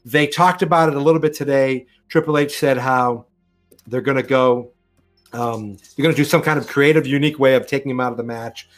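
A man's voice: mid-range voice, fairly even intonation, brisk, soft background music. A man co-hosting a live stream, chatting loosely with ums and restarts. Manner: rambling, full of ums and restarts. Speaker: co-host of a live wrestling show. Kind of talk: casual chat.

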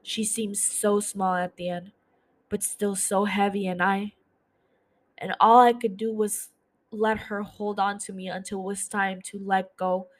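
A woman reading aloud the lines of a grieving middle-aged man who is remembering his late mother, in her own plain voice, slow and tender. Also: medium pitch, level tone, natural voice.

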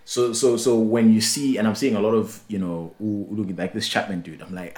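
A man's voice: on the low side, fairly even intonation, moderate pace, hardly any pauses, darkish tone. A young man chatting casually as a podcast co-host, rambling with many fillers and restarts. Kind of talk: casual chat.

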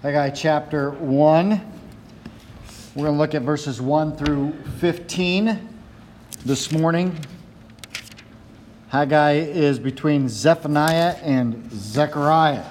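A man's voice: a little high, takes it slowly, long pauses, a little mellow, a little hiss or hum. A man preaching a sermon who reads scripture aloud, prays, then preaches. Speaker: pastor.

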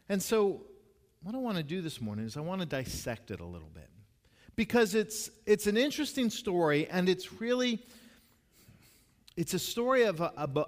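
A pastor delivers a sermon in a relaxed, conversational way, often restarting his sentences. His voice sits in a middling pitch for a man. The sound rings with the long reverb of a church sanctuary.

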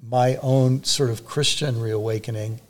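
A man's voice: mid-range voice, steady tone, a little slow. An older man, an author and theologian, speaking as an interview guest, telling anecdotes in an earnest way with many fillers and restarts. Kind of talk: reflective interview storytelling.

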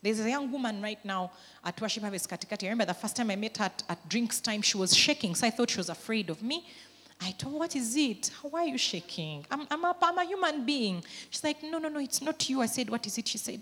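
A woman pastor delivers a sermon with a fairly high voice, building to emphatic peaks before dropping back to quieter, conversational storytelling. The sound carries the long reverb of a church hall. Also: expressive, fast. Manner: preaching with emphatic rising and falling intensity.

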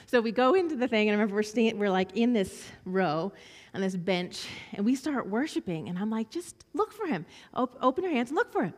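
A woman's voice: mid-range voice, darkish tone, big-room sound. A woman giving a personal testimony, telling a story and acting out the voices of the children in it. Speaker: speaker sharing a testimony.

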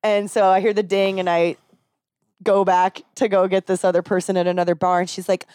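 A woman's voice: mid-range voice, brisk, smooth, no echo, clean studio sound. A young woman, a rideshare driver, telling a story in casual chat and acting out the people in it. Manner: animated, acts out quoted voices with laughter.

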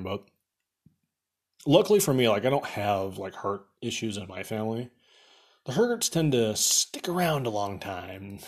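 A man's voice: on the low side, darkish tone. A young man host telling rambling stories in a casual podcast chat, saying "like" a lot and laughing at his own jokes. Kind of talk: casual storytelling rant.

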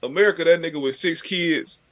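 A man's voice: on the high side, fairly quick, fairly bright tone. A man on a podcast making wry, joking comments in casual chat. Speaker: podcast co-host.

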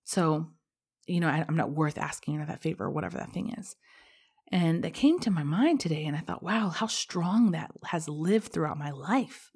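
A woman's voice: low-pitched, normal speed, darkish tone, husky. A pregnant woman hosting her own podcast, talking candidly and rambling, with casual swearing, in a personal monologue. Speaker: podcast host.

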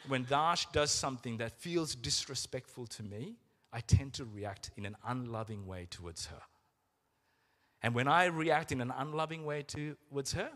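A middle-aged man preaching a sermon as pastor, earnest and emotional, slowing down for emphasis. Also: medium pitch, fairly bright tone. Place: church. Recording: reverberant church hall with music.

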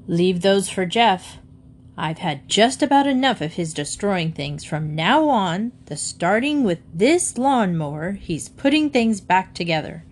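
A woman reading aloud and voicing a blustering, grumpy middle-aged husband in a loud, gruff, indignant way. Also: mid-range voice, big pitch swings, a little slow. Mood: stern.

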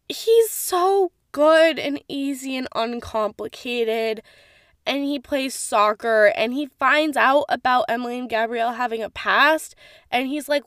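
Clean studio sound with no echo carries a young woman's high-pitched voice as she gushes about a series. She's animated and casual, leaning heavily on "like" and swearing now and then.

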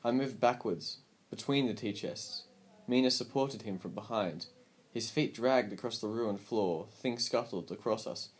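A man reading a story aloud as an audiobook narrator, with calm, measured storytelling. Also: on the low side, breathy edge.

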